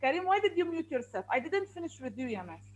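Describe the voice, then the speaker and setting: A woman's voice: high voice, big pitch swings, quick pace, slight background noise, low-quality recording. A woman teaching an online English lesson over a video call, asking questions over and over in a firm way.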